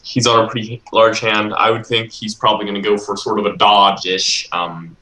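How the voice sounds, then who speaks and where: A man's voice: on the low side, level tone, normal speed, pushed and bright. A man giving laid-back, analytical co-commentary on a game match, hedging with ums. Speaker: esports co-commentator. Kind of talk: casual live-stream commentary. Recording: echoey room on a stream mic.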